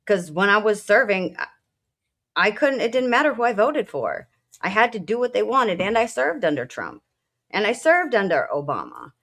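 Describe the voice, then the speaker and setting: A woman's voice: medium pitch, a bit bright. A woman who is a military veteran, co-hosting a casual political talk show, speaking bluntly and with feeling, full of fillers and profanity. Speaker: co-host.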